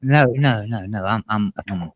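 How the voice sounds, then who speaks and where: A man's voice: fairly low pitch, unhurried, a little hiss or hum. A man chatting casually on a live stream, often restarting his sentences and speaking bluntly.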